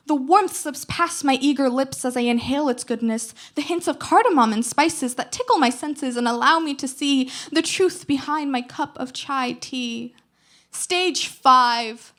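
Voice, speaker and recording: Teen girl slam poet, high voice, rhythmic and emphatic recitation with weighty pauses. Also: a bit bright. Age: teens. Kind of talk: spoken word poetry performance.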